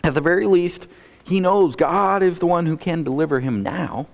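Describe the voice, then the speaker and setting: A man's voice: a little high, normal speed, gravelly, long reverb tail. A man preaching a sermon as pastor, earnest and often repeating a word as he starts a phrase.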